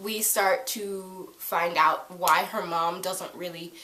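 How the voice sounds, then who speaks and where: Excitable woman fan reviewing a TV show; casual, swears freely, recorded in an echoey room. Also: fairly low pitch, slow pace, slight background noise. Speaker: TV episode reviewer.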